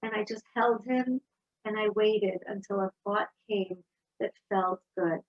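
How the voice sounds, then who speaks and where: A woman giving an inspirational talk, telling personal stories in a lively storytelling manner. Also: mid-range voice, measured pace, lo-fi sound. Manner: storytelling, warm and animated. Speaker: speaker.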